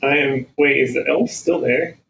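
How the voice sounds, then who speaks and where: A man with a middle-pitched, gravelly voice thinks out loud at the gaming table. He stops and restarts as he plans his moves and asks questions. A faint hiss of noise sits behind him. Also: normal speed, low-quality recording. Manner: hesitant, asks questions while planning. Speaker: player. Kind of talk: tabletop game chat.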